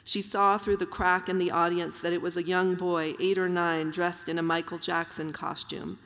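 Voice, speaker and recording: A woman author reading her own prose aloud at a literary reading, measured and even, with soft fillers between passages. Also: on the low side. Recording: long hall reverb.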